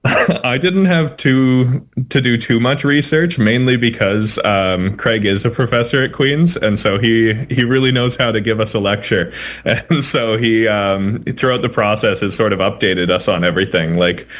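A man's voice: fairly low pitch, moderate pace, a bit bright. A young man, an actor, chatting casually as an interview guest and laughing easily.

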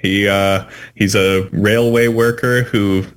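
A man's voice: on the low side, fairly even intonation, slow pace, clean tone. A young man, an actor, chatting casually as an interview guest and laughing easily.

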